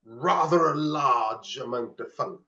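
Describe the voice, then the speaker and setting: A man's voice: medium pitch, takes it slowly, bright, forceful tone. A man co-hosting a podcast, chatting casually, laughing often and stumbling over his words. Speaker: podcast co-host. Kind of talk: casual chat. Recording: slightly dull lo-fi audio.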